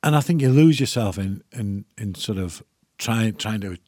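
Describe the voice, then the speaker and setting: Guy with a real low voice, guest on an interview, stop-start, keeps restarting, dry sound. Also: expressive, warm tone, dry recording. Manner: halting, with many restarts and repeated words. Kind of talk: casual conversational interview.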